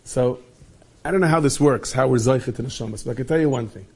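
Gravelly-voiced man telling a story. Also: mid-range voice, quick pace. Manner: lively storyteller acting out characters. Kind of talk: inspirational story talk.

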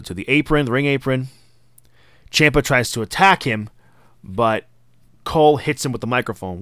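A man's voice: medium pitch, fairly bright tone, clear, resonant tone, dry recording, clean studio sound. A man hosting a podcast, reviewing wrestling events in a casual, enthusiastic monologue and sometimes acting out lines. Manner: enthusiastic, acts out quoted lines. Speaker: podcast host.

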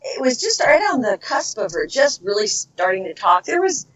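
Middle-aged voice actress chatting in an interview, wanders off topic a lot, kinda muffled recording. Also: female voice, a little high, big pitch swings, moderate pace, far from the mic. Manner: rambling, trails off into tangents. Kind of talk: casual interview storytelling. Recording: dull lo-fi recording.

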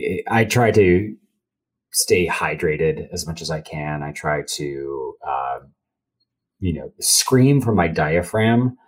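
A man's voice: rumbling low, a little mellow. A young man, a voice actor, talking loosely in a casual interview and laughing between thoughts. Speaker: voice actor guest.

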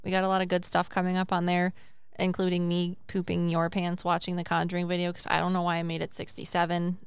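A woman co-hosting a casual paranormal podcast, chatting and breaking into giggly, excited bursts. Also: lowish voice, quick pace, clean tone, no echo, studio quality. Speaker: podcast co-host. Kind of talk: casual chat.

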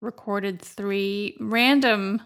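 Casual podcast woman, vocal fry, end-of-day dry rasp, rambling chatter, mid pitch. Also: steady tone, very slow, fairly bright tone. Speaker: co-host, pop culture segment. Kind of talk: casual comedy podcast chat.

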